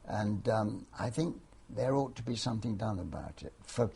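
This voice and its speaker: A man's voice: lowish voice, lively intonation, moderate pace, creaky, dark tone, slight background noise. A man in his eighties from London, a veteran actor answering interview questions in a wry, hesitant way with many restarts. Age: 80s.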